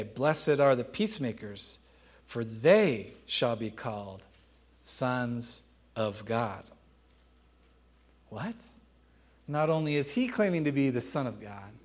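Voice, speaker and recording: A man preaching a sermon, emphatic and conversational, often asking rhetorical questions and laughing between points. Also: mid-range voice.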